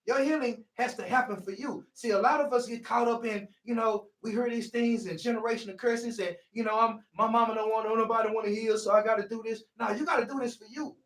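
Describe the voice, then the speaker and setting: A man with a high voice gives a preachy motivational talk on healing. He presses each point hard and keeps circling back with "see". He sounds set back from the mic in an echoey room. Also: steady tone, brisk, few pauses, fairly bright tone, distant mic. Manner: preachy, repeats "see" to drive points home. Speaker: healing speaker.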